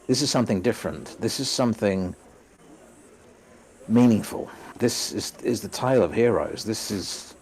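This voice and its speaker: A man playing an earnest young man who pleads with his mother, talking in a halting, stammering way. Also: on the low side, expressive, darkish tone, slight background noise, close to an everyday voice. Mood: pleading.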